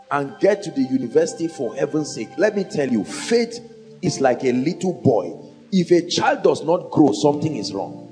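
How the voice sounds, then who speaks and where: Gravelly Nigerian preacher at the pulpit. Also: male voice, fairly high pitch, darkish tone. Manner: emphatic, fires rhetorical questions at the congregation. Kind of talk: sermon. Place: at a pulpit before a congregation.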